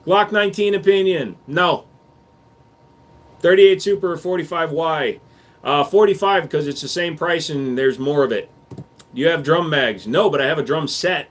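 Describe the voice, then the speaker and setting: A man's voice: on the high side, moderate pace. A man hosting a casual livestream, answering chat questions in a blunt, offhand, joking way.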